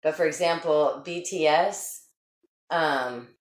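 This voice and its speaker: A woman's voice: low voice, takes it slowly. A woman co-hosting a podcast in playful, teasing casual chat. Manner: playful, teasing, laughs easily. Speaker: podcast co-host. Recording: echoey room.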